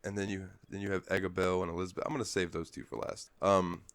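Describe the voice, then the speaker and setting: A man with a deep voice, chatting loosely on a podcast, rambling, laughing and swearing as he goes. The sound is close and dry with no room around it. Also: level tone, fast, no echo. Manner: laid-back, rambling, laughs often, swears. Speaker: podcast co-host. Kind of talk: casual game review chat.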